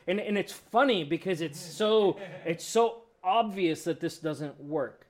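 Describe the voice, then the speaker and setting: A man's voice: a little high, animated, unhurried, hardly any pauses. A man preaching a sermon in a conversational way, acting out quoted voices. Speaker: pastor.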